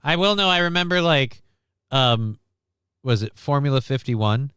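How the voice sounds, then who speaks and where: A man's voice: mid-range voice, lively intonation, unhurried, fairly bright tone, clean tone, no echo, studio quality. A man hosting a stream, chatting casually and joking as he reacts to news clips, rambling and swearing freely. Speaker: stream host.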